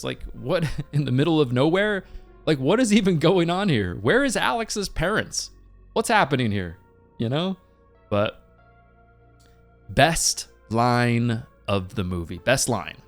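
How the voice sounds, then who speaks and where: A man in his thirties hosting a casual movie review, talking in an animated, rambling way with laughing asides. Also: mid-range voice.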